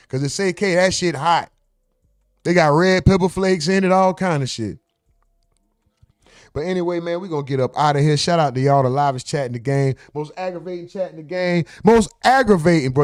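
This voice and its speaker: A man's voice: on the high side, animated, fairly quick, no room sound, studio quality. A man from the American South hosting a casual livestream sign-off, reading chat comments aloud in a laid-back, profane way. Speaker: livestream host.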